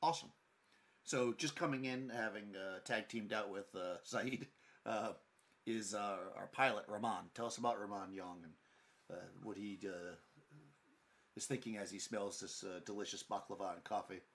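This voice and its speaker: Relaxed male game master, low voice, chatty narration. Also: moderate pace. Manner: relaxed, with frequent fillers.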